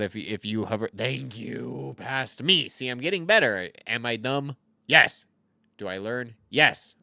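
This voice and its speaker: A man's voice: lowish voice, vocal fry, sharp tone, dry recording, studio quality. A man in his thirties giving casual, rambling commentary over a card game, full of jokes and self-mocking asides.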